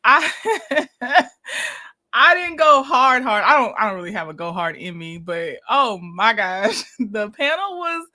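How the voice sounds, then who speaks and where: Bright, high-voiced woman hosting a livestream. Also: sing-song, a little slow. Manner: chatty, laughs often, greets viewers by name. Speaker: livestream host. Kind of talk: casual livestream chat.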